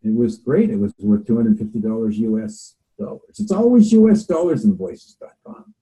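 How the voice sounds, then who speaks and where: A man's voice: lowish voice, lively intonation, normal speed, warm tone, poor audio. A man in his sixties, a voice actor guest, chatting casually in an interview and rambling with hesitant fillers.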